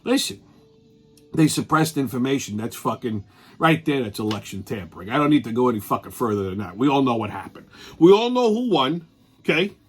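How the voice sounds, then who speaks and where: A man's voice: a little high, husky. A man hosting his own show, giving a heated, sarcastic political rant full of swearing. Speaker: show host.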